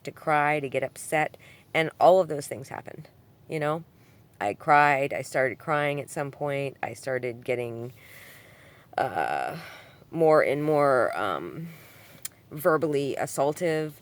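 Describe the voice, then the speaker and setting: A woman talking in a casual, rambling vlog monologue at home, full of ums and likes, swinging from subdued to heated. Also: low-pitched. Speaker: vlogger answering a comment. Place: at home with her cat.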